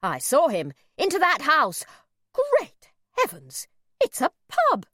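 A woman's voice: high voice, huge pitch swings, no echo, studio quality, pitched above the performer's own voice, exaggerated voice. Woman voicing an indignant, emphatic mother. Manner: emphatic, slow, outraged. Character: indignant, sharp-tongued mother, adult woman.

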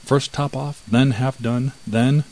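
A man voicing a timid, fretful female house mouse in a storybook, squeaky and exclaiming. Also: fairly even intonation, takes it slowly, a little mellow, lightly acted, rough recording. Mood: alarmed.

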